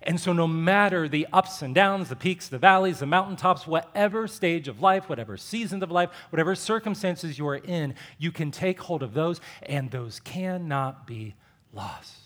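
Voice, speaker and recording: A man preaching as a pastor in a church, animated, acting out dialogue with rising emphasis. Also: fairly high pitch, moderate pace. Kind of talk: sermon.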